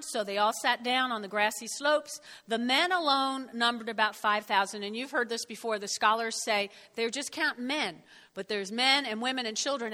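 A woman's voice: on the high side, pushed and bright, long reverb tail. A woman reading a Bible passage and explaining it in a conversational way. She often asks "okay?" and acts out the lines she quotes. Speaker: Bible teacher.

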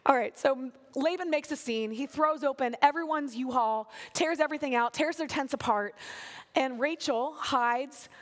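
Animated woman preaching in a reverberant hall. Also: sits high, moderate pace. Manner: animated, acts out biblical figures in playful voices. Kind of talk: sermon.

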